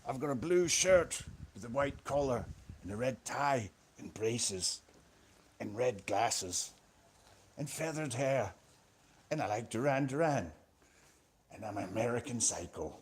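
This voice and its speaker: Smug 80s yuppie guy showing off, kinda low and murmured , a man doing the bit. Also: expressive, measured pace, long pauses, breathy edge. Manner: boastful, preening. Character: smug 1980s male yuppie on a big phone. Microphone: phone held close.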